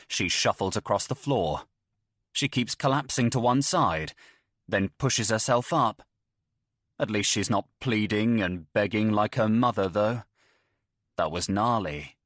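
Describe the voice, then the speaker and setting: A young adult man narrating a first-person thriller audiobook with expressive, tense storytelling. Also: fairly low pitch, unhurried, no echo.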